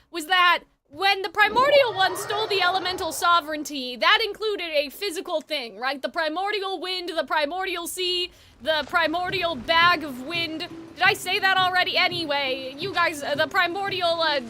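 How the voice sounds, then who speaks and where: This streamer's voice is very high-pitched and bright, with a forceful edge. Game music plays behind her as she rambles casually about the game she's playing, cursing without restraint and cracking herself up.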